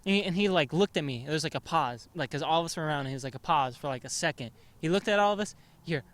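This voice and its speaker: Young man, podcast host, casual chat, rambling, swears a lot, slightly high voice. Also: animated, very fast, fairly bright tone.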